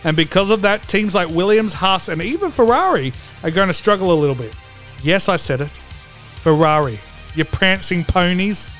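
A man's voice: high voice, lively intonation, moderate pace, fairly bright tone, soft background music. A man hosting a comedic racing preview vlog, brash, profane and theatrical. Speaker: host.

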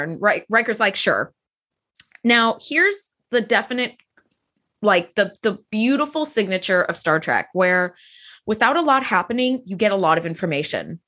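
A woman co-hosting a casual chat show, animated and given to acting out characters' lines, with casual swearing. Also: mid-range voice, normal speed. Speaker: podcast co-host.

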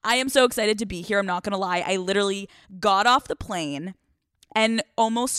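A young woman hosting a casual vlog-style podcast, excitable and profane, laughing often as she talks. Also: a little high, clear, resonant tone, dry recording, clean studio sound. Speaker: podcast host. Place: hotel room.

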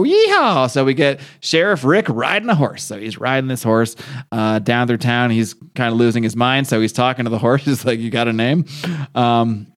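A man co-hosting a comic book podcast, casually recapping the story and acting out the characters' lines. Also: mid-range voice. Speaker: podcast co-host.

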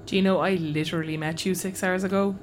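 A woman's voice: lowish voice, fairly even intonation, fast talker, slight background noise, natural voice. A woman playing a sarcastic Irish first officer. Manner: dry, sarcastic. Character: sharp-tongued female first officer. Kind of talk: audio comedy drama acting.

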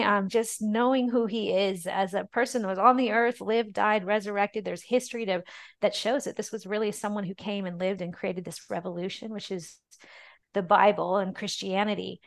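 A middle-aged woman, a podcast guest, telling her faith story in an earnest, emotional way. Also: mid-range voice. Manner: earnest and emotional, often slowing down and softening. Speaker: podcast guest, ministry founder. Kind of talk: personal testimony in a podcast interview.

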